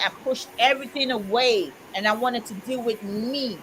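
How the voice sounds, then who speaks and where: A woman's voice: on the high side, moderate pace, few pauses, a bit bright, a little hiss or hum, rough recording. A woman in casual chat, telling a heartfelt personal story in an earnest way with frequent "you know"s. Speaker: co-host of a community chat stream.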